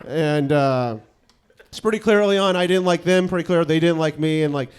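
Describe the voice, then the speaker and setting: A man's voice: fairly high pitch, fairly quick, clean tone. A man in his thirties from New York City, a comedian telling a profane, self-mocking personal story and acting out the quotes.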